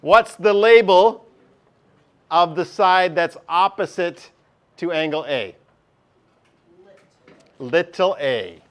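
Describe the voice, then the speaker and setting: A man's voice: high voice, expressive, takes it slowly, long pauses, a bit bright. A male teacher, giving a chatty classroom lesson and often checking in with his class.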